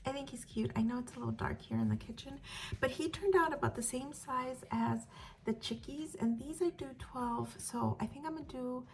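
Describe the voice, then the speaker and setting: Chatty vlogging woman with vocal fry. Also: fairly high pitch, slight background noise. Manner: chatty, giggly, self-mocking. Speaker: crochet vlogger. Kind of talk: casual vlog chat. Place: home kitchen.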